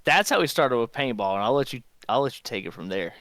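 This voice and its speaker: A man's voice: medium pitch, sing-song, fast, a bit bright, no room sound. Laid-back man telling stories. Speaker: podcast co-host. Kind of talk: casual storytelling chat.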